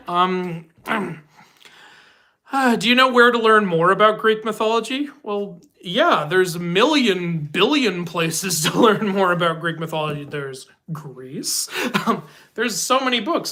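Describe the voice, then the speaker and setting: A man chats his way through a casual live-stream Q&A. His voice is bright and forward. He rambles through his answers and laughs often. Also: sits high. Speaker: host.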